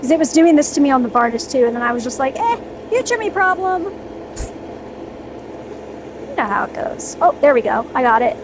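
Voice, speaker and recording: A young woman with a fairly high-pitched voice talks rapid-fire with few pauses while streaming casually and airbrushing miniatures. Over a noisy background, she chats with viewers and cheers herself on in an upbeat, playful way.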